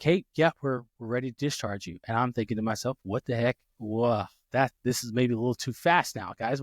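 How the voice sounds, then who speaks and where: A man's voice: mid-range voice, dry recording, clean studio sound. A man hosting a podcast, telling a family story in casual chat, with lots of fillers and restarts, speaking from his home office. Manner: rambling, animated, many restarts and fillers. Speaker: podcast host.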